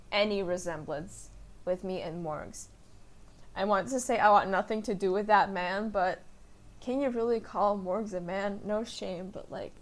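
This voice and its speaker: A young woman hosting a casual solo podcast, rambling and joking at her own expense with frequent giggles. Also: medium pitch. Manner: rambling, self-mocking, giggly. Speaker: podcast host.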